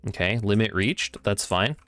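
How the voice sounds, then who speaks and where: A male streamer talks casually over his gameplay in a low, smooth and resonant voice. He flips from mock-grand, dramatic musings to excited, swearing outbursts at what happens on screen. Faint music plays behind him. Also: moderate pace.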